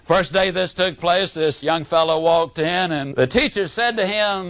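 A man giving a motivational speech to an audience, telling stories with big swings from high to low. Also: unhurried, a bit bright, dry recording. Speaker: motivational speaker.

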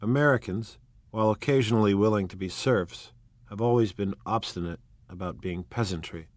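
A man narrating an audiobook in a measured, even, unhurried reading. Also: on the low side, dry recording. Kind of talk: scripted narration.

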